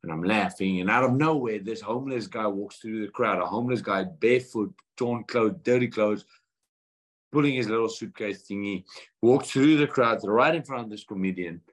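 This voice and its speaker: South african guy in his thirties, kinda low voice, telling a heartfelt story on a podcast, does all the voices himself. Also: moderate pace. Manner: earnest, animated retelling with quoted dialogue. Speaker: guest boxer.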